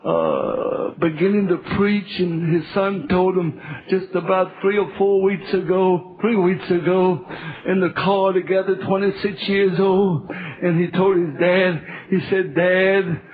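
A man preaching a testimony sermon with a Southern US accent, halting and repeating words, building to fervent shouts. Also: sits high, lively intonation. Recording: tinny phone-like lo-fi recording.

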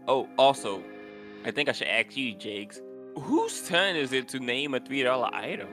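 A man's voice: medium pitch, sing-song, normal speed, a bit bright, soft background music. A man co-hosting a podcast in casual chat, joking and teasing. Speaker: podcast co-host.

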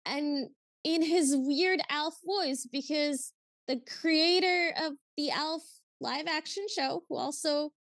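High-voiced animated woman podcaster. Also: no room sound. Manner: animated, exasperated, laughing. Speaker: podcast co-host. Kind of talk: casual chat.

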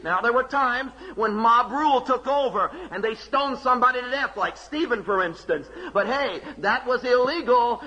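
A man preaching a sermon, emphatic, with rhetorical questions and dramatic pauses. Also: extremely high pitch, pushed and bright. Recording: long hall reverb.

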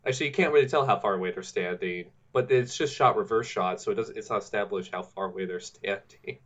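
A man's voice: quick pace, fairly bright tone. Rambling man on a dull mic. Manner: rambling, acts out characters in high mock voices. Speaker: podcast co-host. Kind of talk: casual movie review chat.

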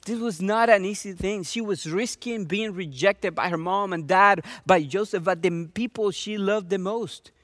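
A man's voice: high voice, moderate pace, hardly any pauses, a bit bright, no room sound, clean studio sound. A man preaching a sermon with earnest energy and lots of rhetorical questions. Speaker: pastor.

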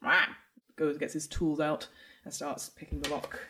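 A woman with a notably deep voice leads a tabletop game, describing scenes and calling for dice rolls. She talks in a loose, chatty way and laughs readily. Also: completely flat delivery, normal speed, very noisy. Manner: chatty narration with frequent laughter. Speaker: game master.

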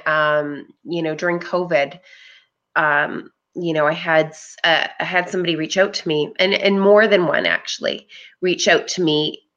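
A woman with a fairly low, fairly bright voice is interviewed in a casual conversation, speaking earnestly and reflectively with frequent "you know"s. The recording has its highs cut off.

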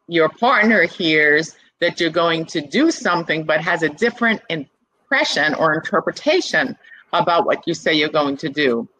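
A co-presenter explains a point step by step in a bright, forward voice, with worked examples. The sound is close and dry, with no room echo. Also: medium pitch. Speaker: webinar co-presenter. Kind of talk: teaching talk to business couples.

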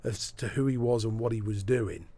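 At a moderate pace and fairly low pitch, a man who is a sports broadcaster tells stories in a podcast interview. He brings them to life by acting out the people he quotes.

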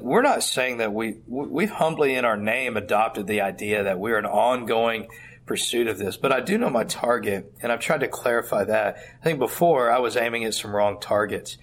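Earnest middle-aged pastor, mid-range male voice, conversational storyteller. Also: mid-range voice. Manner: earnest, storytelling with quoted dialogue. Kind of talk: conversational interview answers. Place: at a church conference.

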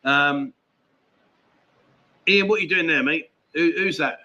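Chatty bright-voiced man host. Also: on the high side, measured pace, muffled recording. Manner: chatty, banters with viewers and co-host. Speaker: live stream host. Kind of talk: casual live-stream chat. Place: indoors at family home.

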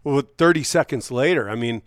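A man co-hosting a podcast, telling a hunting story in a casual, animated way, often laughing as he acts out what people said. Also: medium pitch, brisk, no echo, studio quality. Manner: animated, laughs often while acting out quoted dialogue. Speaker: podcast co-host.

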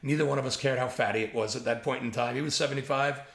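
A man's voice: medium pitch, fast talker, gravelly, roomy sound. A man in his seventies, a comedy writer, telling casual anecdotes with imitations and frank swearing. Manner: lively storyteller who imitates others and swears freely.

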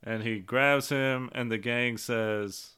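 A man's voice: mid-range voice, steady tone, takes it slowly, bright, forceful tone, clean tone. A man co-hosting a podcast, casually recapping episodes, swearing and quoting lines. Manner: retells scenes with quoted lines. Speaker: podcast co-host.

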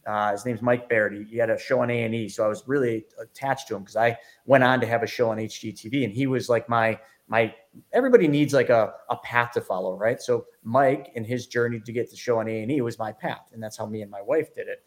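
A middle-aged man, a podcast guest, telling his story of becoming a financial educator in a lively, animated way. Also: medium pitch, quick pace. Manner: lively, acts out his own past reactions.

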